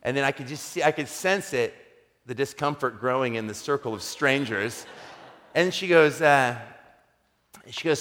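A man's voice: mid-range voice, moderate pace, fairly bright tone. A middle-aged pastor telling a story in a sermon, conversational and funny, growing emphatic as he preaches. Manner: conversational, humorous storyteller who grows emphatic when preaching. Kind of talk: sermon told as a personal story. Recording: long reverb of a large hall.

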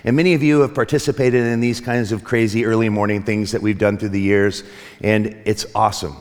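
A man's voice: lowish voice, little pitch movement, brisk, in a large hall. A man preaching a sermon as pastor to his church, earnest and reflective, with frequent restarts and light joking. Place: church sanctuary.

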